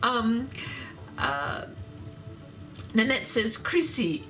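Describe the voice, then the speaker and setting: A woman, hosting an art livestream in casual chat, effusive and quick to laugh while reading viewer comments aloud. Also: mid-range voice, expressive, fairly bright tone, soft background music.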